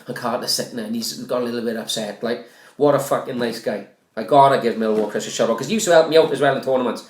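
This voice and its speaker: Sweary Welsh podcast host, echoey room. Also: male voice, mid-range voice, quick pace, darkish tone, a little hiss or hum. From Wales. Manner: swears freely, rambling storyteller. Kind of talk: casual banter.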